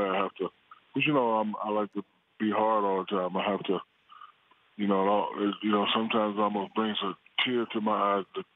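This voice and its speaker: A man in his forties calling in to a talk show, chatting in a relaxed, joking way. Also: fairly low pitch, dry recording. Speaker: guest. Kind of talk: phone interview. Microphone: phone line. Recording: tinny phone line.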